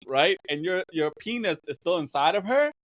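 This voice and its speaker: A man's voice: high voice, animated, fairly quick, a bit bright, low-quality recording. A man on a podcast, telling rambling, raunchy stories in casual chat and laughing often mid-sentence. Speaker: podcast host.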